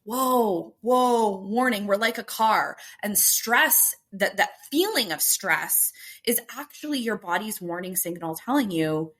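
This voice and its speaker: A woman guest on a podcast explains her ideas in an animated, emphatic way. She jumps into playful voices to act out what people think. Her pitch sits at a mid-range level for a woman. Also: a little slow. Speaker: guest, stress coach. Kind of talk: explaining in an interview.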